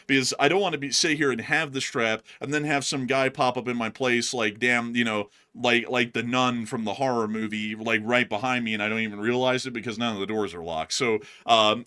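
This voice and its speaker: A man's voice: mid-range voice, pushed and bright, clear, resonant tone. A man out of breath, hosting a live news stream from his home studio in a chatty, rambling way, calling his viewers folks. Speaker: news livestream host. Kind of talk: casual live news commentary.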